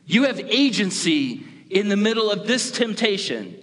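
A man's voice: high voice, sing-song, moderate pace, fairly bright tone, pitched above the performer's own voice, heavily acted. A man voicing God as a fatherly male counselor, pleading urgently with a tempted man. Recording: long hall reverb.

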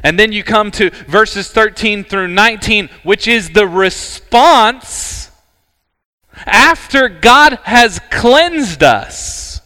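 A man preaching a sermon as pastor, earnest and emphatic, with dramatic pauses. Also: high voice, animated, bright, forceful tone. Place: church sanctuary. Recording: church hall reverb.

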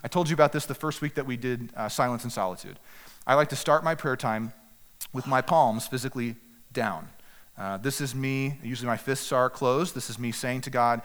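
A man preaching a sermon as a pastor, earnest and direct, slowing down for emphasis. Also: mid-range voice, fairly bright tone. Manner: earnest, direct exhortation with slow emphatic pauses. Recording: echoey hall with long reverb.

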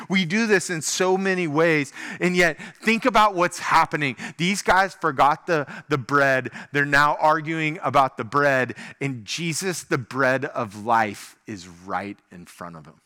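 A man preaching a sermon in a conversational, animated way, full of rhetorical questions. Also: a little high, measured pace, few pauses.

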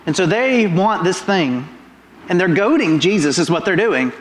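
A middle-aged man preaching a sermon in a church, animated and full of rhetorical questions. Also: sits high, normal speed. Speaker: pastor. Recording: roomy echoing hall.

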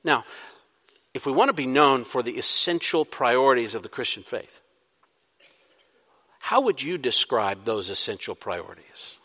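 Man, pastor, sermon, emphatic rhetorical questions, bright ringing voice, long hall reverb. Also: medium pitch, expressive, measured pace, pauses often, breathy edge. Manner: preaching with rising emphatic bursts and rhetorical questions. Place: church sanctuary.

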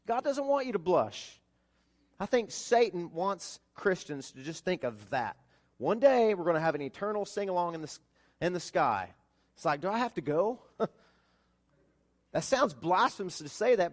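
Pastor guy preaching an easter sermon, kinda high voice, gets loud then goes soft and earnest. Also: normal speed. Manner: animated preaching, rising and falling between loud and hushed. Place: church service.

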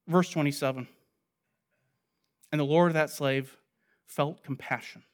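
A man with a fairly high voice preaches an expository sermon with emphatic, pointed delivery. He poses rhetorical questions and answers them himself. He swings from loud stress to hushed, low asides. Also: steady tone, a little slow.

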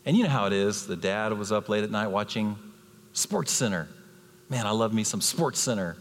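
Long hall reverb fills the church sanctuary as a fifties-aged man delivers a guest sermon at a normal pace in a fairly low voice. He brings his stories to life by performing the different voices.

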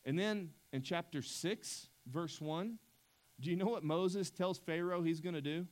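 A man's voice: sits high, measured pace. Emphatic conversational pastor, man. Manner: conversational, emphatic, with frequent restarts. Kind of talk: sermon.

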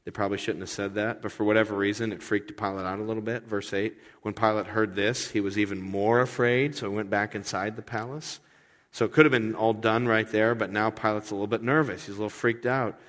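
A man preaching a sermon as pastor, conversational, with his voice swinging between loud and hushed. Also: on the low side, steady tone, fairly quick. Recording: long hall reverb.

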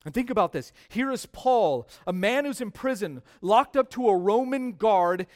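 Man, pastor, sermon, high voice, emphatic, repeats key words. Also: expressive, moderate pace. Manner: emphatic preaching, repeats key words, swings between soft drops and loud rises.

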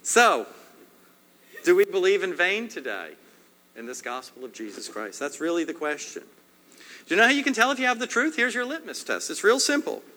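A man preaching a sermon as pastor, emphatic and repetitive, swinging between loud and hushed. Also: high voice, big pitch swings, normal speed. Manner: emphatic, swings loud and soft, repeats phrases. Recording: long hall reverb.

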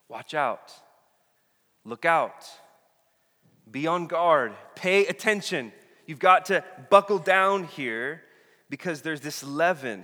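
A man preaching a sermon in an animated way, acting out the people in the story with voices. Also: medium pitch. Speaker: pastor. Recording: long reverb of a big hall.

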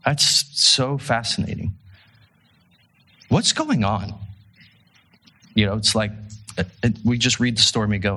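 A man preaching a casual, conversational sermon, telling a story with rhetorical questions and an animated delivery. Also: lowish voice, unhurried, pauses often. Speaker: pastor.

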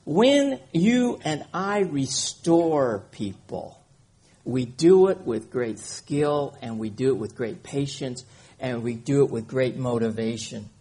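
A man's voice: medium pitch, lively intonation, takes it slowly, dark tone, slightly rough. A man preaching a conversational sermon, reading scripture and often checking in with his listeners. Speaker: pastor.

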